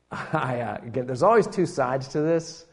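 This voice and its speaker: A man preaching a sermon in a church, often restarting and repeating words, who swings between loud animated stretches and hushed near-quiet lines. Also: medium pitch, measured pace. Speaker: pastor.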